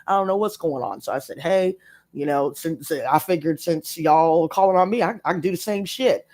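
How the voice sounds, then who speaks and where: A woman's voice: sits low, normal speed, a little mellow. A woman telling a story to her live-stream audience in casual chat, emphatic and profane as she rants. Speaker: tarot reader live-streaming.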